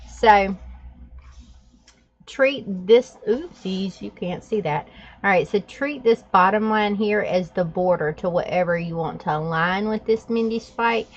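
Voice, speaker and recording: A woman's voice: mid-range voice, a little slow. A woman vlogging, telling a story with laughs and then walking through a drawing tutorial in casual chat. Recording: dull lo-fi sound.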